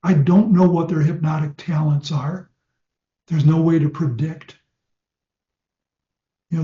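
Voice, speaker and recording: An older man teaching clinical hypnosis in a conversational lecture style, telling stories and slowing down to demonstrate gentle hypnotic suggestions. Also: a little high. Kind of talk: lecture to trainees. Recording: dull, roomy lecture-hall sound.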